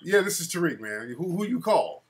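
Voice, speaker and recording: A man's voice: fairly high pitch, very animated, fairly quick, breathy edge. A man hosting a live call-in show, mocking callers in loose street slang. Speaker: host.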